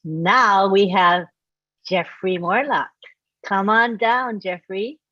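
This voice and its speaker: A woman hosting a livestream, warmly thanking and introducing speakers. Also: mid-range voice, fairly even intonation, slow pace, no echo, dull audio. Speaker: livestream host. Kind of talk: casual hosting.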